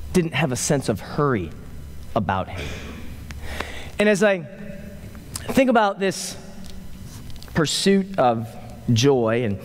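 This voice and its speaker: A man preaching a sermon as pastor, animated, with loose conversational fillers, rising for emphasis and dropping low to slow down. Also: in a large hall. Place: church sanctuary.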